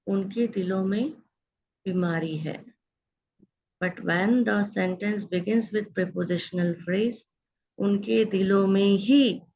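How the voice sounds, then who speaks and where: Gravelly-voiced woman teaching grammar. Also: medium pitch, a little mellow, lo-fi sound. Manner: patient, explanatory, checks in with students. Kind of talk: online grammar lesson.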